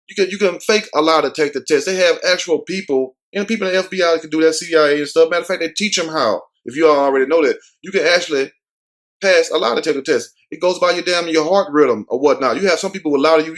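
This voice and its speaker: A man hosting a casual commentary vlog, talking in slang and acting out quoted people in put-on voices. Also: a little high. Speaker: host.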